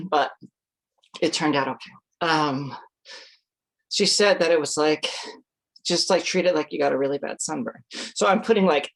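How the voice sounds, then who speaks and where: An adult speaking in a loose, rambling vlog style, circling back with plenty of filler words. The talk is salty with casual swearing. Their own remembered reactions get acted out as quick little asides, with a mid-range voice. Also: medium pitch, gravelly. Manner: chatty, lots of fillers, swears freely, acts out its own reactions. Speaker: vlogger.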